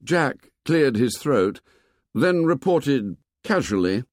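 A man narrating a novel in a measured, expressive storytelling voice that grows low and soft in tense passages. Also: no room sound, studio quality. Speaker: audiobook narrator. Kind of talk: scripted narration.

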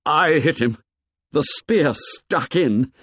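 A man reading aloud, voicing an excitable, boastful schoolboy who keeps insisting on his own success. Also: a little high, slow, slightly rough, no room sound, clean studio sound, pitched above the performer's own voice, full character voice. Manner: eager, insistent, raised voice.

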